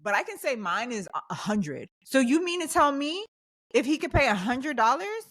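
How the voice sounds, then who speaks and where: A woman's voice: high-pitched, big pitch swings, normal speed, fairly bright tone. A young adult woman co-hosting a podcast, ranting in an emphatic, heated way in casual chat. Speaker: podcast co-host.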